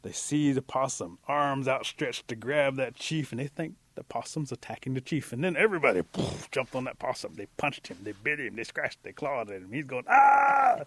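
A man's voice: medium pitch, fairly quick, hardly any pauses, a bit bright, no room sound. A man narrating a folk tale in a vivid, playful way, with sound effects. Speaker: storyteller. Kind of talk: animated folk-tale storytelling.

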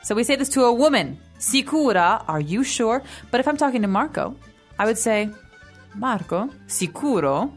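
A woman's voice: fairly high pitch, very animated, normal speed, soft background music. A woman co-hosting a casual language-lesson podcast, who explains grammar step by step and teases her partner playfully. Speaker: co-host teaching Italian.

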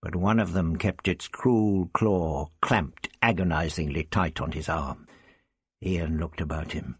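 Husky man narrating dramatically. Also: low-pitched, unhurried, no room sound, clean studio sound. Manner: dramatic, expressive reading. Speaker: audiobook reader. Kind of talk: scripted narration.

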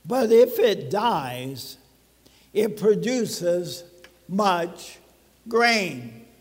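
A man pastor addresses his congregation in the church sanctuary, chatting with them and asking them questions. His voice is high and very animated, with drawn-out words trailing into a long reverb.

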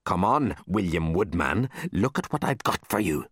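A man's voice: sits low, expressive, moderate pace, a bit bright, husky, no echo, studio quality, full character voice. A man voicing a stern older woman librarian, fierce but secretly kind, with a clipped, commanding manner.

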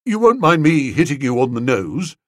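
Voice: mid-range voice, sing-song, moderate pace, no echo, clean studio sound. A storybook reader voicing an eager, earnest young man, a mild-mannered curate.

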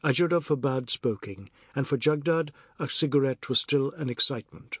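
A man reading a novel aloud as narrator in a measured, even storytelling manner. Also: medium pitch, husky, no room sound, studio quality. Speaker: audiobook narrator. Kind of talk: scripted narration.

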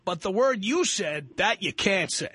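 A man's voice: sits high, animated, measured pace, bright, forceful tone, breathy edge, no room sound. A man hosting a call-in radio talk show, speaking in a blunt, emphatic, mocking way.

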